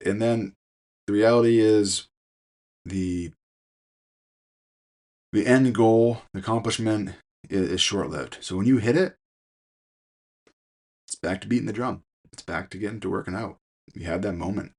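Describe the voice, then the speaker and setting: A man with a low, deep voice talks through his coaching advice in an unscripted solo podcast. He sounds middle-aged and conversational, circling back with "you know" and false starts as he thinks aloud. The delivery is plain and earnest rather than polished. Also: a little slow, vocal fry, pauses often, a little mellow. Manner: conversational, many fillers and restarts. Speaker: fitness podcast host and coach. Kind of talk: casual solo podcast talk.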